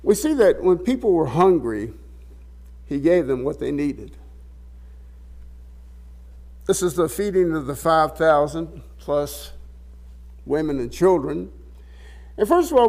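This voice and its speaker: High-voiced man preaching a conversational sermon. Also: darkish tone. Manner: conversational, repeats words while searching for phrasing; reads scripture aloud in King James wording.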